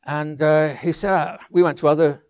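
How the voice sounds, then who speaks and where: An older man preaching a sermon, telling a story with asides and restarts, sometimes dropping to a soft low voice. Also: flat delivery, normal speed, clear, resonant tone, no echo. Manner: anecdotal, with asides and restarts, drops to a soft low voice on quiet lines.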